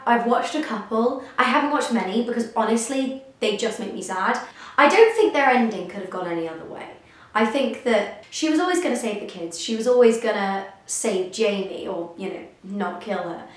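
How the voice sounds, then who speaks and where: A woman's voice: on the high side, a bit bright. A young woman vlogger giving a casual reaction commentary, gushing and rambling with self-deprecating asides. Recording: very echoey room, faint music behind.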